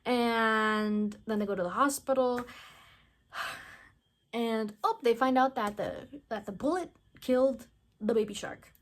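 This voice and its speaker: A woman with a fairly high voice rambles through a casual movie recap. She fills her sentences with "like" and drops blunt, mocking asides about the characters. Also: slow pace. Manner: rambling, chatty, heavy use of "like", acts out characters' lines. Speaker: movie reviewer.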